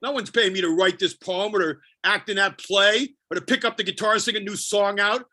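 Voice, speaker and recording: A man's voice: high-pitched, fairly quick, bright, forceful tone. A man giving a spoken-word poetry performance, brooding and self-questioning with a wry edge. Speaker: poet.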